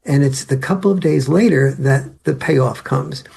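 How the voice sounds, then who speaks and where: A man's voice: mid-range voice, unhurried, creaky, a little mellow, slightly rough. A man being interviewed as a guest author, giving long, rambling answers with many fillers and restarts and acting out what family members say.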